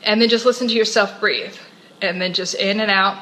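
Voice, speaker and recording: Bright-voiced bubbly woman co-host. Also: mid-range voice, steady tone, a little fast, low-quality recording. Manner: bubbly, laughing, chatty. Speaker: co-host, integrative health practitioner and yoga teacher. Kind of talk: casual live show chat.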